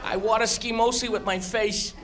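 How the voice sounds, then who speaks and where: A man from Massachusetts performing live stand-up comedy, telling animated stories with shouted squeals and acted-out voices. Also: high-pitched, normal speed, background noise. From Massachusetts, USA. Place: comedy club stage. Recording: live club recording with crowd. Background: audience laughter.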